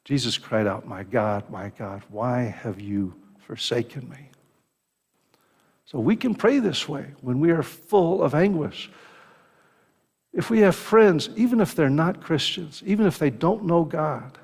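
A man preaching a sermon as pastor, earnest and unhurried, often restarting his phrases. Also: on the high side, animated, creaky, darkish tone, breathy edge, long reverb tail.

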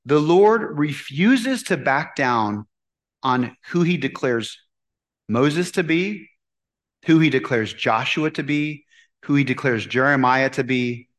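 A man preaching a sermon in an animated way, asking his listeners questions and answering them. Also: medium pitch, slow pace. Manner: animated, asks the congregation questions. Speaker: pastor.

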